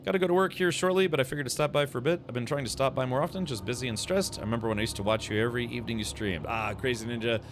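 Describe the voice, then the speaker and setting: A man streaming a video game, chatting casually with viewers and reacting out loud as he plays. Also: medium pitch, very fast, few pauses, noisy background. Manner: casual, rambling, reacts aloud while playing. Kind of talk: gaming livestream commentary, chatting with viewers. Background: game music.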